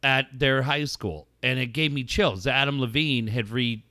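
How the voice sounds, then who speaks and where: A man co-hosting a casual talk show, spinning an animated story with plenty of swearing. His voice is bright and forward, and the sound is dry and close with no room around it. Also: medium pitch, moderate pace, no echo. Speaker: radio co-host. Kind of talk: casual chat.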